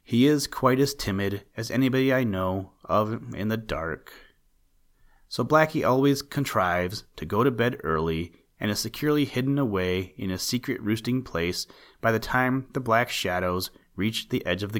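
A man narrating a children's animal story in a measured, gently emphatic storytelling manner. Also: on the low side, expressive.

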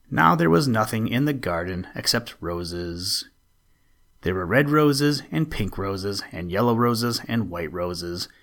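A middle-aged man hosting a podcast, reading a children's story aloud in a calm, measured way. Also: lowish voice. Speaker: podcast host and story narrator. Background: soft background music.

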